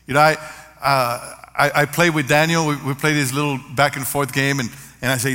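Older male pastor, bright and forceful, preaching in a reverberant hall. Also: medium pitch, a little fast. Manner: earnest, varied emphasis, storytelling. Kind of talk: sermon. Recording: long reverb of a large hall.

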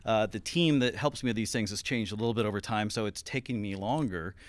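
A man's voice: on the low side, quick pace, dry recording. A man dropping in as a guest on a live stream, chatting casually and rambling in a self-deprecating way. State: out of breath.

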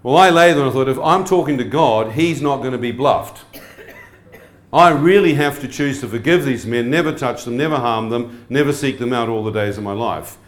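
A man's voice: mid-range voice, moderate pace. Male preacher, testimony sermon, humorous, quizzes the audience, roomy church sound. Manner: humorous, asks the crowd frequent questions. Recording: echoey hall.

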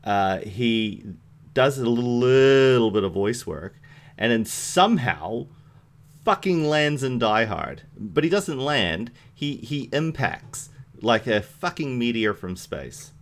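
A man's voice: mid-range voice, sing-song, slow pace. A man co-hosting a podcast, chatting casually and enthusiastically about films, swearing freely and trailing off into fillers. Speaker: podcast co-host. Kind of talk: casual movie chat.

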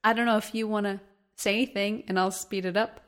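A woman's voice: medium pitch, fairly even intonation, fairly quick, fairly bright tone. A woman co-hosts a casual podcast in a mid-range voice. She is chatty and giggly and hops from one topic to the next. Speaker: podcast co-host. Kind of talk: casual chat.

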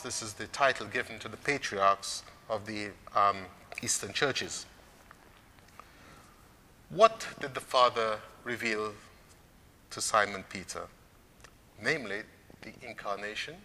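A man delivers a sermon in a church. His voice is bright and forceful, and he preaches in a measured way, lifting it for emphasis. Long reverb trails behind each phrase. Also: fairly low pitch. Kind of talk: sermon on scripture.

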